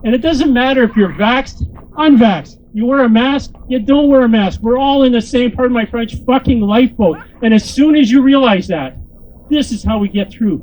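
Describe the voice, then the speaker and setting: A man's voice: very high voice, moderate pace, darkish tone, slight background noise, poor audio. A man, a motivational speaker and corporate trainer, giving a joking, crude, rousing speech to a crowd into a handheld microphone.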